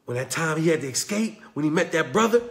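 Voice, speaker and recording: A man with a Southern US accent giving a passionate motivational talk, retelling a story in a preachy way that swings from loud to hushed. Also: a little high, expressive, fast. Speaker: motivational speaker.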